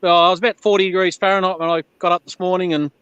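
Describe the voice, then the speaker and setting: Bright-voiced Australian man chatting. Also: high-pitched, flat delivery, rapid-fire, clean tone, no echo, dull audio. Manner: laid-back, laughs often, says "yeah, no". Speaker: guest on a live chat. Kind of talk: casual chat.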